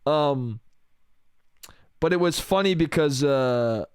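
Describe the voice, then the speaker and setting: A young man talks alone into a close mic, hosting his own podcast in a loose, rambling way. His voice sits a little high for a man and the sound is dry, with no room around it. He swears freely and laughs at his own jokes. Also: expressive, takes it slowly, clear, resonant tone, no room sound. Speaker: podcast host. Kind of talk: solo podcast monologue.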